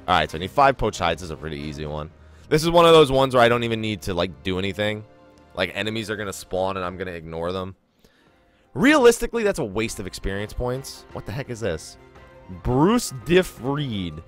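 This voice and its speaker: A man's voice: mid-range voice, fairly bright tone. A man giving casual let's play commentary, chatty and rambling, laughing often. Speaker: gaming YouTuber.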